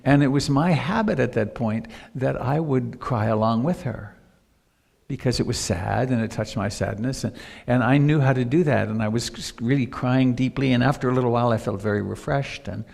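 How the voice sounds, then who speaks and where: A man's voice: medium pitch, creaky, a little mellow. A man in his sixties, a meditation teacher giving a live dharma talk, telling personal stories reflectively. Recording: long hall reverb, live stream.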